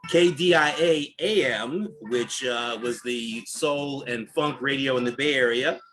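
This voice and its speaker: A man's voice: mid-range voice, a little slow, a bit bright, faint music behind, poor audio. A man with a Brooklyn accent, a financial coach reading out a guest introduction on a video call, chatty and full of fillers. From New York. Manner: chatty, many fillers and restarts.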